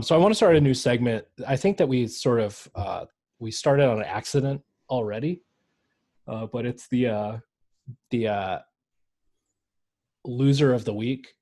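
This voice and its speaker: A man co-hosting a casual sports podcast, animated and mocking, who often jumps into exaggerated voices. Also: mid-range voice, vocal fry. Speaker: podcast co-host. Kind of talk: casual chat.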